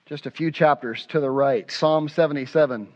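A man's voice: on the high side, normal speed, muffled recording. A man preaching a sermon as pastor, acting out prayers aloud with passion. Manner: impassioned, acts out prayers aloud.

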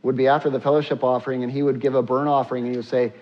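Male pastor, mid pitch, preaching with lots of uhs, slightly muffled recording. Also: little pitch movement, very fast. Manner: preaching with frequent filler sounds, acting out prayers in a hushed voice. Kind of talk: sermon.

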